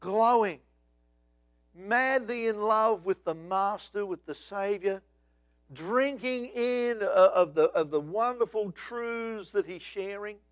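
A man's voice: high-pitched, slow, no echo. A man preaching a sermon, telling a story with dramatic rises and acting out voices. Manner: dramatic, acts out voices of biblical figures.

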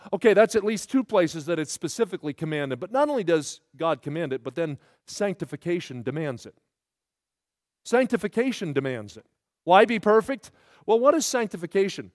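A man's voice: high-pitched, sing-song, fairly quick, no echo, clean studio sound. A man preaching a sermon, telling stories in a folksy way and building to emphatic rises.

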